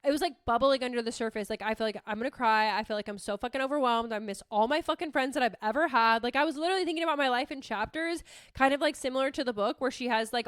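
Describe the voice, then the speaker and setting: A woman therapist hosting a podcast, talking in a candid, profane and animated casual monologue, often mocking herself. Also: sits high, clean tone, no echo, clean studio sound.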